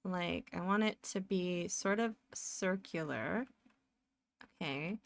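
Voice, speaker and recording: A woman's voice: lowish voice, slow pace, creaky, no room sound. A woman live streaming as she draws, chatting casually and rambling as she narrates her work and often laughs. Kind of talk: casual chat while drawing live.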